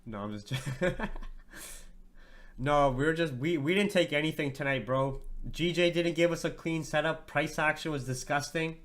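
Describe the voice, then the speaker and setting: A worn-out man running a live trading stream, his slightly high voice loose and unpolished. He talks to viewers like friends, slangy and quick to swear. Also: a bit bright. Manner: profane, slangy, chats with viewers as "bro". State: tired. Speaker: trading livestream host. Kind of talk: casual livestream market commentary.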